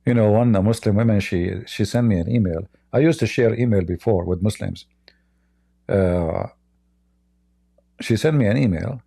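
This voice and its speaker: A man hosting a live debate stream, talking in a mocking, sarcastic, halting way. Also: lowish voice, vocal fry, warm tone, no echo, studio quality. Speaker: Christian apologist livestream host.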